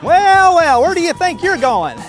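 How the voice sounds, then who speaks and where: A man's voice: normal speed, soft background music, heavily acted. A man doing a jittery, fussy small-town deputy. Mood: scolding. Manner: jittery, excitable scolding, pitch jumping up when riled. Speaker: tribute impersonator. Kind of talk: in-character comedy improv.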